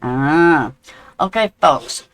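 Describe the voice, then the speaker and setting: A man's voice: a little high, animated, drawn-out words, a bit bright, low-quality recording. A man in his sixties with a New Zealand accent, chatting casually with viewers while streaming a game and answering their messages. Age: 60s. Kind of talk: casual live-stream chat.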